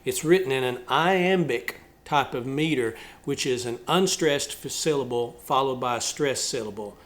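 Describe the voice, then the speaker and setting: A man's voice: mid-range voice, moderate pace. A male musician and channel host talking casually about a song, thoughtful and explaining step by step with small restarts.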